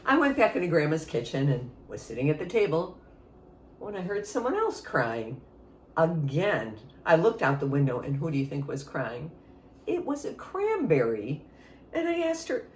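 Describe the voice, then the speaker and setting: A woman music teacher tells a story to children, playful and engaging. Her pitch rises and falls animatedly, and the room echoes around her voice. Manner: expressive and playful, addresses listeners.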